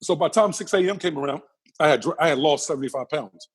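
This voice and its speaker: As a guest in a casual interview, a middle-aged man with a husky, somewhat high voice speaks quickly and tells vivid, animated stories. He repeats phrases to stress points and acts out the characters.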